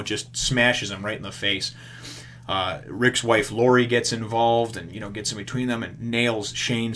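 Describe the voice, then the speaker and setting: A man's voice: on the low side, a bit bright, slight background noise. A man casually recapping a comic book issue, rambling and acting out the characters' lines as he goes. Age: adult with children.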